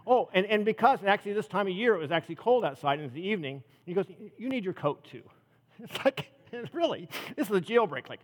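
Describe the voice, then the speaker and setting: A man preaching a sermon, retelling a Bible story in an animated way, acting out the characters and laughing along. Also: high voice, fast, big-room sound.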